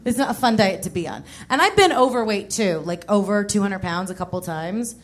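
A woman's voice: mid-range voice, expressive, fairly quick. A woman in her thirties doing a stand-up set on a comedy club stage, candid and self-mocking, with laughing asides. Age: 30s. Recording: live band music behind.

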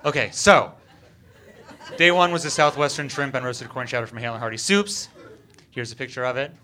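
A comedian does a stand-up bit into a stage microphone, with a mock-serious, deadpan delivery and frequent hesitant fillers. He has a medium pitch and a brisk pace.

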